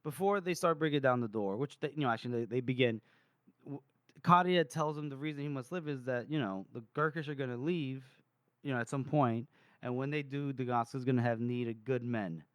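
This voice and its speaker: A man's voice: mid-range voice, dry recording, studio quality. A man co-hosting a podcast, retelling book scenes in casual talk, quoting characters and stumbling over restarts. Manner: quotes characters in quick voices, stammers and restarts. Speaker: podcast co-host.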